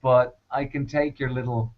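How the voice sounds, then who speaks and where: A man co-hosting a podcast in casual chat, calm and measured with light teasing. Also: medium pitch. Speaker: podcast co-host. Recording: slightly muffled lo-fi.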